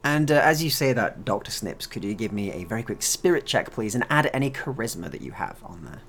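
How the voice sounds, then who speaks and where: A man narrating a tabletop game as game master, descriptive and relaxed, with many fillers. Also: fairly low pitch, a little fast, gravelly, a little hiss or hum.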